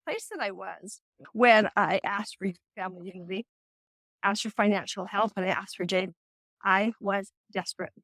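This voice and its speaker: A woman's voice: medium pitch, fairly bright tone, dry recording, studio quality. A middle-aged woman hosting a casual faith-based talk, telling stories with animation and acting out the voices she quotes. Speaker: host.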